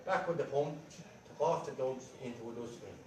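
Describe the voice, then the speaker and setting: Irish male storyteller, lively comic patter, distant mic, roomy hall. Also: medium pitch, normal speed. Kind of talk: telling jokes to a live audience. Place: large room at a rambling night. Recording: echoey room from far off, crowd. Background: audience laughing.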